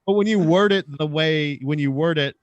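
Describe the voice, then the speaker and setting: A man's voice: on the high side, normal speed, dull audio. A man co-hosting a podcast, trading crude, self-mocking banter in a casual chat. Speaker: podcast co-host.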